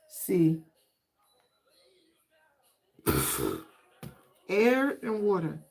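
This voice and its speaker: A woman's voice: medium pitch, expressive, drawn-out words, creaky, pauses often, darkish tone, rough recording. A sassy, talkative woman in gives a tarot reading on a casual livestream. She speaks straight to the people watching, with an easy, conversational flow. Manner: chatty, sassy, talks straight to viewers. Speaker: tarot reader.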